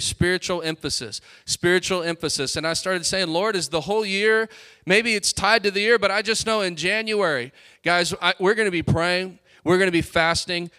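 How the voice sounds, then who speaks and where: Male preacher, high clear voice, fired-up sermon with asides to the congregation. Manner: energetic, exhorting, quick asides to the congregation. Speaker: pastor. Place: church sanctuary.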